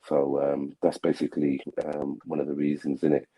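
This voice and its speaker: A man hosting a live stream, his voice very deep and dark with a husky edge. He rambles along in casual chat, piling up fillers as he talks. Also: monotone, normal speed, poor audio. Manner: rambling, filler-heavy, mimics relatives in a loud high voice.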